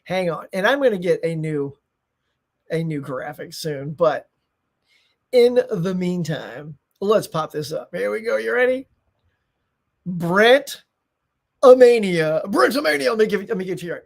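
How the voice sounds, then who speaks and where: A man's voice: sits high, expressive, normal speed, gravelly. A middle-aged man hosting a live stream in casual chat, rambling, reading viewer comments aloud and tossing in playful asides. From United States.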